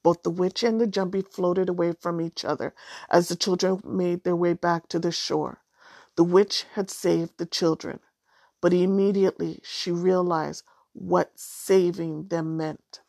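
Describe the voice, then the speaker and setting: A woman narrating a children's storybook in a measured, even way. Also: fairly low pitch, vocal fry, no echo, clean studio sound. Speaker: audiobook narrator.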